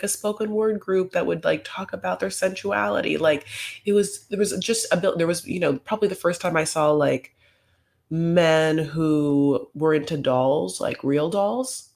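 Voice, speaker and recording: Campy, gravelly reality TV recapper. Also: male voice, high-pitched, moderate pace. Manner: rambling, campy, heavy on fillers. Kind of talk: comedic recap commentary.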